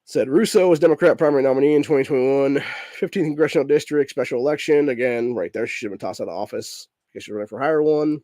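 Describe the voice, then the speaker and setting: This mid-range male voice moves at a quick pace with a warm tone, recorded cleanly in a studio with no echo. Sick-sounding and with his voice messed up, the political podcast host rants furiously, swears constantly, and says "dude" after almost every line.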